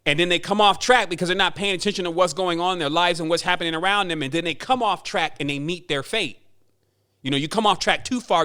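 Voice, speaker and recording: A man hosting a spiritual podcast, talking in an emphatic, preachy monologue and mimicking people in quick asides. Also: fairly high pitch, sharp tone, clean tone. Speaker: podcast host.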